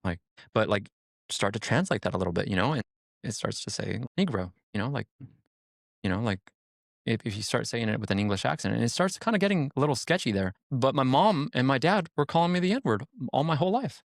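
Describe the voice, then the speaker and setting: Fast-talking man with a gravelly voice. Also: mid-range voice, no room sound, clean studio sound. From Hispanic family background. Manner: animated storyteller, acts out quotes, swears freely. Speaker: podcast guest. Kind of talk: casual chat. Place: podcast studio.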